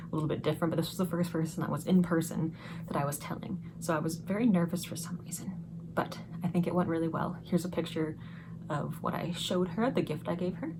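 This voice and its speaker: A young woman vlogger telling a personal story in a chatty, excited way, laughing often. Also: fairly low pitch. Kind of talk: casual storytelling vlog. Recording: music playing behind the voice.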